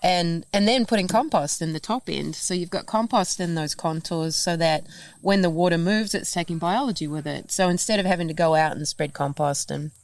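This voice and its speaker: A woman from New Zealand with a New Zealand accent, talking casually as a podcast guest and telling stories with lively acted-out dialogue. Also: fairly low pitch, moderate pace, vocal fry. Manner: animated storyteller, laughs often, acts out dialogue. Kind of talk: casual conversation. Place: farm, recorded in person.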